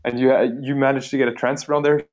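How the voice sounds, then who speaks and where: A man's voice: medium pitch, level tone, racing, a little mellow. A man chatting casually about tabletop wargaming with enthusiasm, often laughing. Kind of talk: casual chat.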